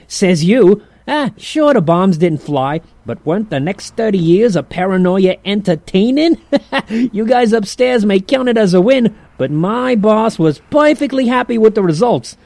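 Man voicing a sleazy joking demon, slangy banter, chuckling, lively swooping pitch, audio drama. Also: a little slow, vocal fry, no room sound, heavily acted. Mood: gloating. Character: wisecracking male demon, sleazy and jovial.

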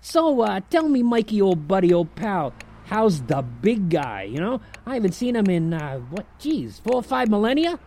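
A man's voice: high-pitched, big pitch swings, normal speed, hardly any pauses, a little mellow. An actor playing a jovial, sleazy male demon who talks in slangy, chuckling banter in an audio drama. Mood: sly.

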